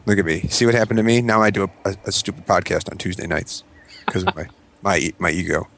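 A man's voice: sits low, fast talker, vocal fry, a bit bright. A man co-hosting a podcast, trading dry, teasing remarks in casual chat. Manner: dry, teasing, laughs often. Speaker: podcast co-host. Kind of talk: casual banter.

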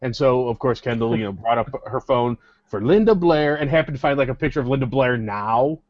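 A middle-aged man in casual podcast chat, halting and restarting as he tells family anecdotes. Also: medium pitch, lively intonation, no echo. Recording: dull lo-fi podcast audio.

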